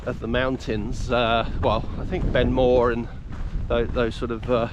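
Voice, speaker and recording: A man's voice: medium pitch, flat delivery, measured pace, muffled recording. A man narrating a casual hiking vlog outdoors on a trail, talking in a rambling, hesitant, self-deprecating way as he walks. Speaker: hiking vlogger. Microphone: camera mic exposed to wind. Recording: windy outdoor camera audio.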